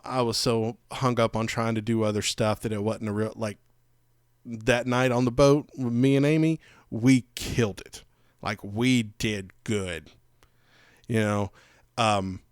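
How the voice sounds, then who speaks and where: A man with a drawl tells a long, winding anecdote, often restarting his sentences. His voice sits at an ordinary middle pitch. The sound is dry and close to the mic. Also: clean tone, no room sound. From Georgia, USA. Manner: rambling, animated anecdotes with frequent restarts. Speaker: podcast host. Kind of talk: casual storytelling chat.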